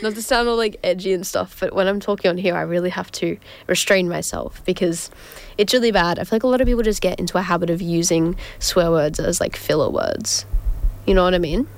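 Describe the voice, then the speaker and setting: A young adult woman on community radio rambles casually in the studio, giggling frequently and plugging gaps with ums. Her voice is lowish, and she talks a little fast.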